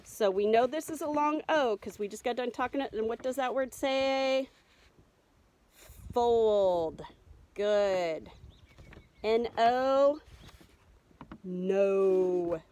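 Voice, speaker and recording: A woman's voice: a little high, unhurried, darkish tone. A woman teaching a remote reading lesson to first graders, patient and encouraging as she sounds out words.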